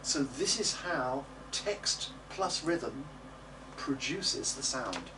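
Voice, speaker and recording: A music teacher with a mid-range, sing-song voice speaks slowly, coaxing students in a singing class and demonstrating phrases by singing them. It's a classroom or studio, captured by a distant mic with background noise.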